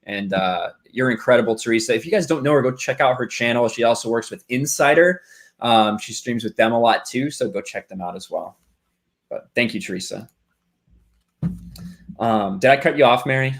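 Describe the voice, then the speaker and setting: A man hosting a charity live stream, reading out donations in an easygoing way with lots of pauses. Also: mid-range voice. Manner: easygoing, hesitant with fillers. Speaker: host.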